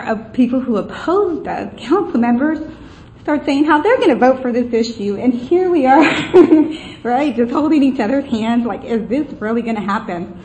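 A woman giving a heartfelt, animated presentation as a campaign advocate. She tells the story with frequent ums. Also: medium pitch, a little hiss or hum. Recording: echoey room with faint ambience.

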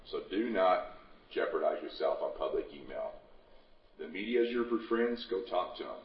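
A man's voice: low voice, lively intonation, moderate pace. A man in his sixties giving a folksy, urgent conference talk, rallying the audience to act. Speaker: conference speaker. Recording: echoey, distant, muffled hall recording.

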